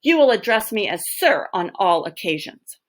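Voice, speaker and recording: A woman's voice: medium pitch, big pitch swings, normal speed. A pompous, short-tempered hotel manager barks his orders in a snappish way, his voice leaping up sharply, as a woman puts him on. He is read aloud from a children's storybook. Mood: barking. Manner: barking, snappish.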